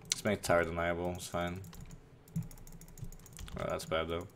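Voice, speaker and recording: A man's voice: low-pitched, level tone, measured pace, fairly bright tone, a little hiss or hum. A young man streaming a game, casually talking through play, muttering to himself, swearing and flaring up in exasperation. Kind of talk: casual live gameplay commentary.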